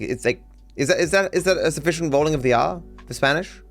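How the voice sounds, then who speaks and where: A man's voice: fairly high pitch, lively intonation, fast talker, soft background music. A man with an Australian accent chatting casually on a live stream, rambling and sounding out words to demonstrate them.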